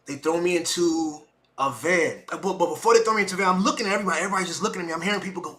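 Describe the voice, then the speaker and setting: A man's voice: a little high, very fast. A middle-aged man, hosting a podcast and telling a personal story with emotion, acting out what people said. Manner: emotional, animated retelling with acted-out quotes. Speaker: podcast host.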